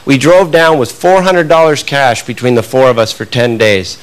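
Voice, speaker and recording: A Canadian man doing stand-up comedy, telling a long animated story to a club audience. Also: mid-range voice, moderate pace. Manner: animated, building to excited outbursts with audience laughter. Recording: noisy live club recording.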